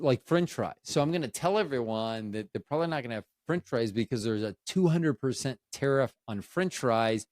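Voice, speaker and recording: A man's voice: mid-range voice, no room sound, clean studio sound. A man in his fifties from Florida, hosting a podcast in a rambling, self-interrupting, jokey solo chat. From Tampa Bay, Florida, USA. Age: 50s. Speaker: podcast host.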